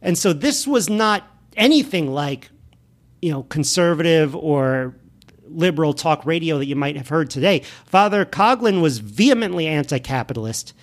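Male podcast host, slightly higher voice, casual rambling delivery full of ums and restarts. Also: lively intonation, normal speed. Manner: conversational, frequent fillers and self-corrections. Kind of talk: solo podcast monologue.

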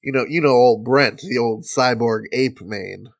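A man's voice: mid-range voice, a little slow, vocal fry, no room sound. Laid-back joking man, dry sound. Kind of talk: casual podcast chat.

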